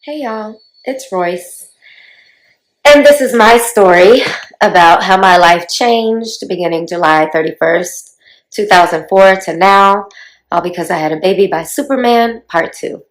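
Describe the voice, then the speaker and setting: A woman in her forties with a mid-range voice speaks at a measured pace on a low-quality recording. In casual storytelling to camera, she shares her life story with viewers in a chatty, confiding manner, often addressing them directly.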